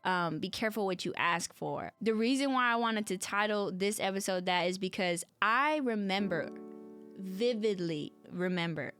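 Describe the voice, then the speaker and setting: A woman hosting a podcast, talking earnestly and conversationally and often turning to address her listeners directly. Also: medium pitch. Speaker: podcast host. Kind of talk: reflective solo podcast talk.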